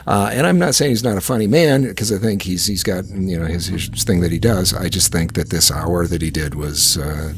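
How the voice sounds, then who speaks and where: A deep, husky man banters on a podcast, stumbling through restarts as he builds his point. His gravelly voice is close to the mic with a dry sound and no room echo. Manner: halting, many restarts and fillers, dry teasing. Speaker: podcast co-host. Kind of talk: casual chat.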